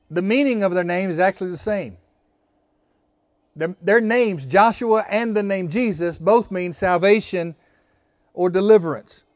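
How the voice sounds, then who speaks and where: A man's voice: sits high, no echo. A man preaching a sermon as pastor, building emphasis and leading the congregation in call-and-response.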